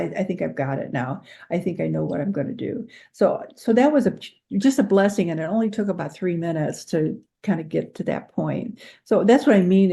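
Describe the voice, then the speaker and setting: Gravelly, mellow-voiced woman guest. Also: lowish voice. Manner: gentle, encouraging, laughs often. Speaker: guest meditation teacher. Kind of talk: interview chat, storytelling.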